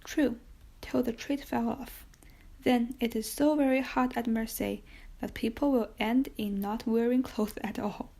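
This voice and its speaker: A woman's voice: fairly high pitch, steady tone, a little slow, creaky, dark tone. A woman reading a fawning, eager innkeeper man. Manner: obsequious, eager to please. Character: anxious fawning male innkeeper, middle-aged.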